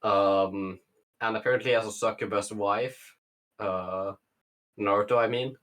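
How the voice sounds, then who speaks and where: Low-voiced man, crude and halting. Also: fairly even intonation, fairly bright tone. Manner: crude, halting, many fillers and swearing. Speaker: co-host. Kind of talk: casual commentary stream.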